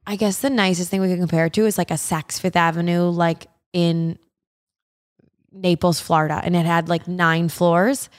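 A woman's voice: on the low side, normal speed. A woman in her thirties chatting casually as a podcast host, telling stories with lots of fillers and swearing. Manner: animated storytelling, swears, filler-heavy. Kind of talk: casual chat.

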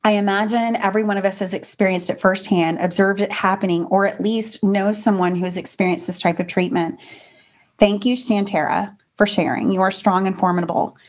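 A woman hosting a podcast, talking in an animated, emphatic way, her pitch jumping up to stress her points. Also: brisk. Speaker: podcast host. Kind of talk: casual podcast conversation.

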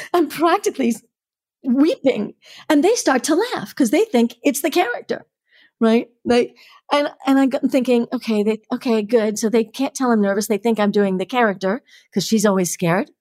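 A middle-aged woman, a podcast guest telling stories with lively energy and acting out the voices in them. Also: fairly high pitch, no room sound, clean studio sound. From New York. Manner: lively, acts out the voices in her stories, laughs often. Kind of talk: animated storytelling.

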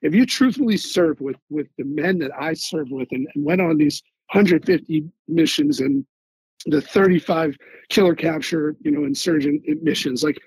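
A man from Philadelphia, an Army veteran and guest on an interview show, telling stories in an animated way and often repeating words as he searches for them. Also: on the high side, normal speed, slightly rough, dry recording, low-quality recording. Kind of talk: casual interview storytelling.

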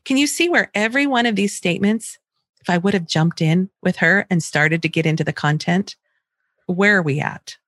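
A middle-aged woman and grandmother giving calm parenting advice, acting out a child's complaints and her own soft replies. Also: medium pitch, moderate pace, dry recording, studio quality. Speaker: homeschooling parent coach.

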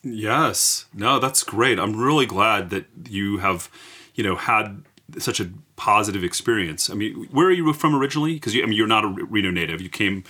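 A deep-voiced man hosting an interview, with a bright, forward tone. He speaks earnestly and reflectively, with frequent fillers. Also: normal speed, slightly rough. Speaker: interview host. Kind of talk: conversational interview.

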